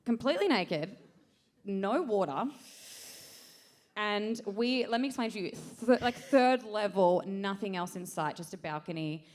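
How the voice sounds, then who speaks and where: A woman's voice: medium pitch, a little slow. A young woman telling a comic story on a live stage, acting out her own quotes with lots of energy. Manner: animated, acts out quotes, laughs through story.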